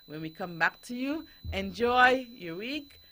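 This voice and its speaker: A woman's voice: fairly high pitch, lively intonation, unhurried, fairly bright tone. A woman hosting a radio talk show, earnestly urging parents to act. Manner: earnest, exhorting parents directly. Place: radio studio.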